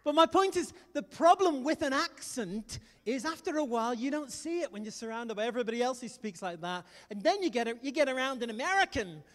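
A man from England with a Liverpool accent, preaching a sermon in a lively, chatty way with jokes to the congregation. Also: extremely high pitch, fairly quick, few pauses, big-room sound. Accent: Liverpool English. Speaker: pastor.

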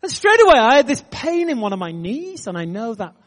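A man preaching a sermon, telling a story with animated energy. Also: very high-pitched, brisk, in a large hall. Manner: animated, building excitement in anecdotes.

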